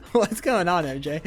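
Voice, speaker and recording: Loud, mocking young male streamer. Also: sits high. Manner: loud, swearing, mocking banter with chat. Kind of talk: casual live-stream chat. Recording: faint music behind the voice.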